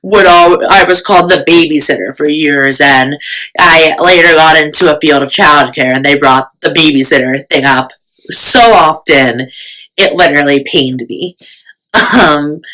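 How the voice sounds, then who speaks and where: A woman's voice: low voice, sharp tone, low-quality recording. A young woman vlogger telling a storytime in casual, chatty talk, full of fillers and self-mocking asides.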